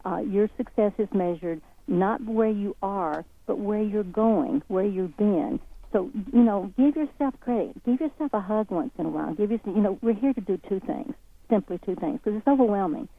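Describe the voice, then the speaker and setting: A woman's voice: mid-range voice, normal speed. A woman with a Southern accent, a guest speaking in an interview in a folksy, earnest, encouraging way. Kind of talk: motivational interview talk. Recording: tinny phone line.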